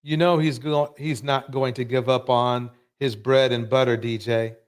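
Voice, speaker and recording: A man's voice: medium pitch, steady tone, a little slow, clear, resonant tone. A man hosting a live show, commenting emphatically and ranting about what he has just watched. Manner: emphatic, ranting, repeats himself.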